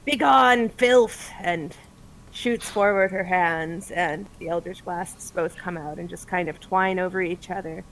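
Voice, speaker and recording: A woman's voice: fairly low pitch, steady tone, normal speed, few pauses, slight background noise, low-quality recording. A woman playing a tabletop game who describes her character's actions in a playful, vivid way. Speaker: player.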